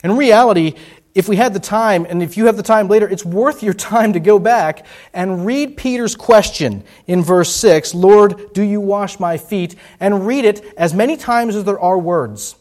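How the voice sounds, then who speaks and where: A male pastor preaching a sermon, rising for stress and dropping low and soft. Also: normal speed.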